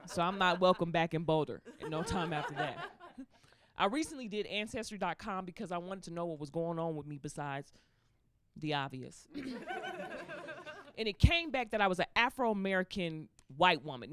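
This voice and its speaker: A woman performing a stand-up comedy set, telling stories and acting out the people in them. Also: fairly low pitch. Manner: animated storytelling, acting out characters. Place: comedy club stage with laughing audience. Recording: live stage mic with audience laughter.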